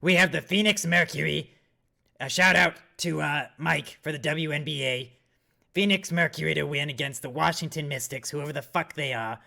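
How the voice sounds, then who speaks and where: A man putting on a raspy, smoker-voiced older politician impression, bombastic and profane. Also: a little high, moderate pace, bright, forceful tone, heavily acted. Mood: boastful. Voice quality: raspy, coughing smoker rasp. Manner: bombastic announcing, brash and profane.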